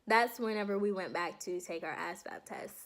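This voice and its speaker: A young woman vlogging to her viewers in a casual, animated storytelling way, laughing often and calling them y'all. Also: medium pitch, normal speed. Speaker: vlogger recounting her enlistment processing.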